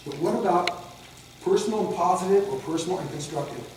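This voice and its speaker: His voice is high and a little mellow, moving at a fairly quick pace as he teaches de-escalation, lecturing with energy and putting on mocking voices for examples. The recording, made far off in an echoey room, has a little hiss or hum.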